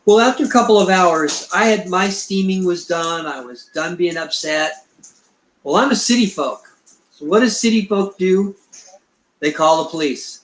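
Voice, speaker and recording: A man's voice: high-pitched, normal speed, a bit bright. Middle-aged man telling a rambling story. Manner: rambling, acts out quoted dialogue. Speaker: Bigfoot researcher, guest. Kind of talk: storytelling in an interview. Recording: echoey room.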